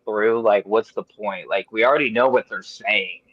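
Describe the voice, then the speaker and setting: Man in his thirties, podcast host, animated rambling rants with profanity. Dry, lo-fi sound. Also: on the low side, moderate pace, slightly rough, dry recording. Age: 30s. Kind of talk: casual chat.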